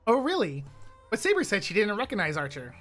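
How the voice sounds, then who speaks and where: Brief: woman streamer, bright and animated, reads narration casually over soft game music. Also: medium pitch, brisk. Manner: chatty, narrates actions in first person. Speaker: streamer reading a visual novel aloud. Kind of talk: group script reading on a stream.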